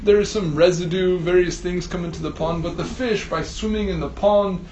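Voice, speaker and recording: A calm caretaker explains his reasoning in a quiet, patient voice, as a man voices him in a story. The voice sits high, with a roomy echo and faint background ambience. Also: normal speed, slight background noise, natural voice. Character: calm older male temple caretaker explaining.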